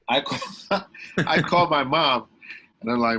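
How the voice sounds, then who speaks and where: A young man telling a story as a podcast guest, emphatic and lively, with many restarts. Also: medium pitch, takes it slowly, pauses often, rough recording. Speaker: guest, actor and comedian. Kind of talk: animated storytelling in a podcast interview.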